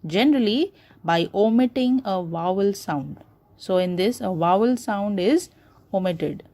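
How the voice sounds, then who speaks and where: A woman's voice: mid-range voice, a little mellow. A woman teacher with an Indian English accent, patiently explaining grammar to schoolchildren with many repeated examples. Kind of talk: classroom grammar lesson.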